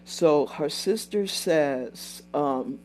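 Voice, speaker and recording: There's soft music in the background as an older woman hosts a casual livestream, her deep, darkish voice animated and drawing out words. She rambles through a story, repeats things, and pauses to thank and respond to viewers.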